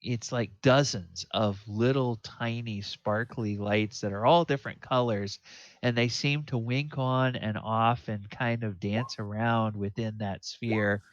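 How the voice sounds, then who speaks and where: A man hosting and narrating a tabletop game as dungeon master, describing scenes in a rambling, halting way. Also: on the low side, fairly bright tone, no room sound, lo-fi sound.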